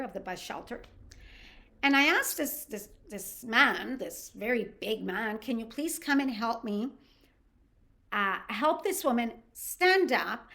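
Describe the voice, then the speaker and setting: A middle-aged woman from Canada, a podcast host telling a personal story in a casual, animated way with frequent restarts. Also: fairly high pitch.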